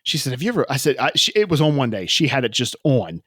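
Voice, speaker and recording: A man chatting on a podcast, rambling through stories and playing out every quoted line. His voice sits at an ordinary pitch. The sound is dry and close to the mic. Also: big pitch swings, fast talker, a bit bright, breathy edge, no echo. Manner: rambling storyteller, acts out quoted dialogue. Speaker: podcast co-host. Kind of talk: casual chat.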